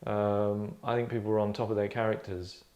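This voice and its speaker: With a fairly low, darkish voice and flat delivery, a middle-aged writer and podcast host speaks briskly. He rambles through a casual discussion, interrupting himself to act out lines.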